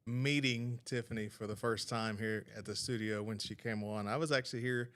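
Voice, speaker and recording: A man's voice: fairly low pitch, steady tone, moderate pace, fairly bright tone. A man, a podcast producer, talking earnestly in a casual studio conversation and telling a heartfelt story.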